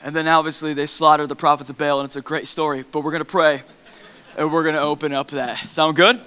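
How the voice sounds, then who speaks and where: A man's voice: fairly high pitch, level tone, quick pace, pushed and bright, smooth. A man preaching in a large church hall, reading scripture dramatically with playful asides. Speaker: pastor.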